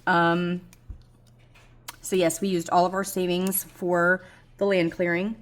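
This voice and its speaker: A woman's voice: lowish voice, fairly even intonation, a little slow. A middle-aged woman, chatting frankly about her budget goals, rambling with many ums and poking fun at herself. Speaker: budgeting vlogger. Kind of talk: casual chat to camera.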